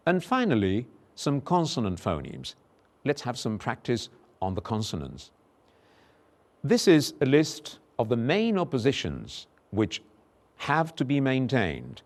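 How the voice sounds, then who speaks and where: A man teaching English pronunciation in a recorded lesson, slowly repeating example words with careful articulation. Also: fairly low pitch, sing-song.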